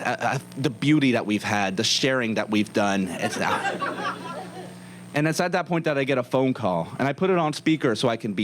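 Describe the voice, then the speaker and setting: A young man telling a comic story to a live audience in a comedy club, wry and deadpan sarcastic. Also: on the low side, a little hiss or hum.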